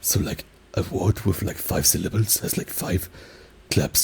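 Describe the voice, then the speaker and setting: A man talking softly and slipping into whispers in a soft-spoken ASMR video, often padding with "like" as he explains. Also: low voice, very animated, normal speed, creaky, husky. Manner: alternates soft talking and whispers, many "like" fillers. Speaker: ASMR creator. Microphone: binaural mic.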